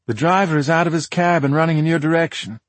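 A man's voice: fairly high pitch, fast talker, no echo, pitched above the performer's own voice, natural voice. A man voicing a bold, teasing woman singer in an audiobook. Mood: pushy. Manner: brash, teasing. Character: sassy redheaded woman singer, bold and pushy.

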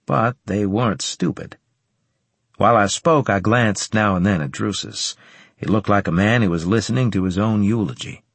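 A man narrating a first-person audiobook in a low, even, matter-of-fact way on a close studio mic. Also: normal speed, creaky, slightly rough, no room sound.

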